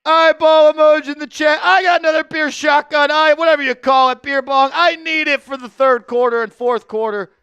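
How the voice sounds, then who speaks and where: A man hosting a fan live stream, calling plays and giving chat shout-outs, bursting into shouts and sing-song calls on big shots. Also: very high-pitched, fairly quick, hardly any pauses, dry recording, highs cut off. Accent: New York. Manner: shouts and sings-along on made baskets, then calmer commentary.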